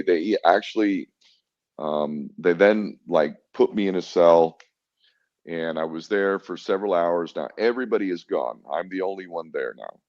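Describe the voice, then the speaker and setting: A man's voice: low-pitched, normal speed, darkish tone, no echo. A middle-aged man telling a story in an interview, blunt and profane, acting out his own defiant retorts. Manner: blunt, profane, defiant, acts out quoted exchanges. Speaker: podcast guest. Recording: dull lo-fi dry sound.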